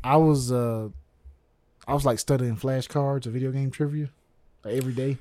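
A man's voice: medium pitch, fairly even intonation, normal speed, warm tone, dry recording, clean studio sound. A young man co-hosting a podcast, rambling and self-deprecating in casual chat. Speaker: podcast co-host and trivia contestant.

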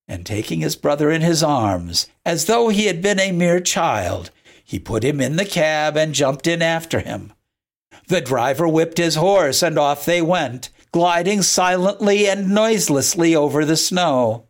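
A regular narrator of a show, giving a slow, expressive reading of a classic tale. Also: mid-range voice. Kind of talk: storybook reading.

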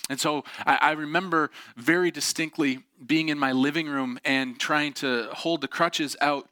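A middle-aged man preaching a sermon with a bright, forceful voice. He tells his story candidly, with self-deprecating asides and plenty of ums. The sound is dry and close. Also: a little high, steady tone, moderate pace, dry recording. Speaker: pastor.

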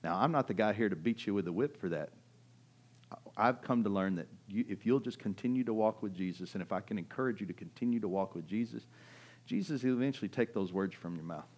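A middle-aged man preaching in a loose, conversational style, his voice sitting a little low. He swings between loud, urgent stretches and hushed ones, and keeps turning to the audience with a quick "right?". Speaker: pastor. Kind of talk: sermon.

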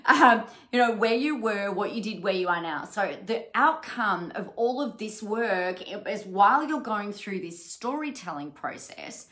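A woman's voice: medium pitch, animated, measured pace, few pauses, a bit bright. A woman leads a live-streamed coaching session. She talks chattily and directly to her viewers in a mid-range voice, often circling back to restart her sentences. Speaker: business coach and live show host.

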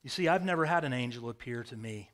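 A man preaching a sermon, telling vivid stories with sudden swings from loud bursts to quiet, hushed phrases. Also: medium pitch, expressive, fast. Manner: storytelling, dramatic swings in loudness. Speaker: pastor. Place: rural home with a hayfield.

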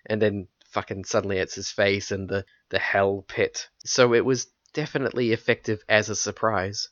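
A man giving measured, dry commentary on a film in casual chat. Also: lowish voice, steady tone, fairly bright tone, dry recording. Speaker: podcast co-host. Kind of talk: casual movie discussion. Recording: dull, dry lo-fi mic.

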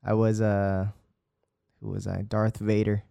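A man's voice: lowish voice, level tone, a little slow, creaky, warm tone, clear, resonant tone, no room sound. A man co-hosting a podcast in casual chat, easygoing and a little hesitant, with frequent ums. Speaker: podcast co-host.

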